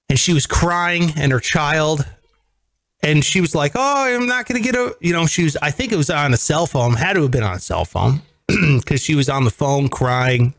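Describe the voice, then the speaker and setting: A man hosting a radio show, chatting casually and telling stories with lots of voices for quotes. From greater Cleveland area. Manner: animated storyteller, jumps into high voices for quotes. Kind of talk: casual chat.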